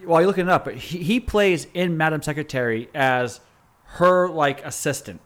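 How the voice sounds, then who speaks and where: Dude kinda rambling, lots of likes and ums, bit higher voice. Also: male voice, moderate pace, fairly bright tone. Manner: rambling, searches for words with fillers. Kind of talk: casual chat.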